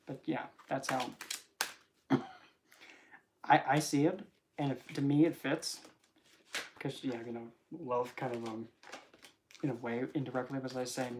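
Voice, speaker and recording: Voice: mid-range voice, steady tone, a little slow, long pauses, background noise. A tarot reader in a casual vlog who rambles, jokes and keeps interrupting themselves. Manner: rambling, joking, self-interrupting.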